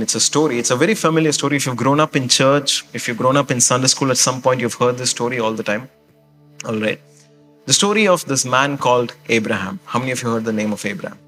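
A man's voice: mid-range voice, fairly bright tone. A male pastor preaching a sermon in a conversational way, often checking in with the congregation with questions and "okay?".

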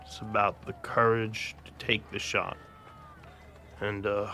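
Give me a man doing an earnest soccer coach, unhurried and a bit lower-pitched. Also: little pitch movement, sharp tone, a little hiss or hum, heavily acted. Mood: rousing. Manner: slow, earnest pep talk with pauses. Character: inspiring male soccer coach rallying his team. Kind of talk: audio drama monologue.

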